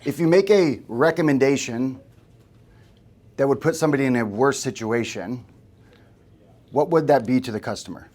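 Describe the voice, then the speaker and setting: A man leads a sales training session in an office room, speaking in an easygoing, conversational way. He keeps turning to the room with quick questions to check that people follow. His voice sits at an ordinary middle pitch for a man. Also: darkish tone. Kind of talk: live sales training talk.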